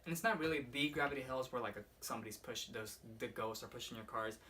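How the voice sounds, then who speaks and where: A young man casually rambling through a personal ghost story for his vlog, swearing often and filling every pause with "like". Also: mid-range voice, sharp tone. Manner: rambling, profane, heavy use of "like". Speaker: vlogger. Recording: slightly distant mic with faint room noise.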